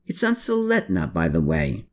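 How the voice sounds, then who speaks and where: A man's voice: sits low, huge pitch swings, normal speed, a little mellow. A man reading an audiobook, voicing an evasive male lawyer who answers questions with dry, defensive quips. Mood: wry, defensive.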